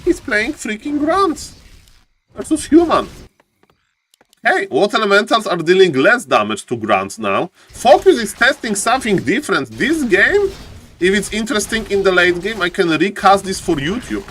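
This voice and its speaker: Excitable male game caster, higher voice. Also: moderate pace, slight background noise. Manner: excitable, repeats phrases, often says "ladies and gentlemen". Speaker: esports caster. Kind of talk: live game commentary.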